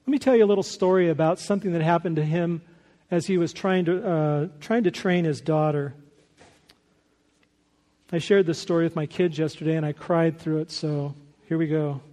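A man's voice: on the high side, a little mellow. A man preaching a sermon as a pastor, earnest and emphatic, reading a story aloud to his congregation. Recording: long hall reverb.

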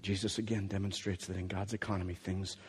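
A man's voice: sits low, little pitch movement, quick pace, breathy edge, in a large hall. A man preaching a sermon in a conversational way, asking rhetorical questions and restarting his sentences. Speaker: pastor.

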